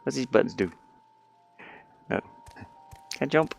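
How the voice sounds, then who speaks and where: A man's voice: mid-range voice, animated, measured pace, vocal fry, no room sound, soft background music. A man casually commenting while he plays his own game, rambling in mumbled asides.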